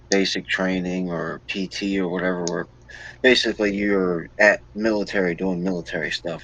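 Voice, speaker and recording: A man's voice: sits low, fairly bright tone, muffled recording. A man co-hosting a podcast in a casual political chat, rambling as he asks long questions.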